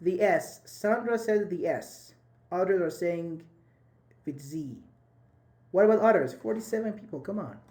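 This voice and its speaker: Over a video call, a man leads a live online English grammar lesson, encouraging the class and going over each point again in different words. His voice is high and a little mellow, and he speaks a little slowly.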